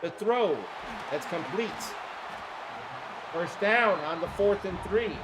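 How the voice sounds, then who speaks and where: A man with a hoarse throat hosting a livestream, giving casual play-by-play commentary in an excitable, chatty way with casual swearing. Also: high-pitched, slow pace, noisy background. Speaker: livestream host.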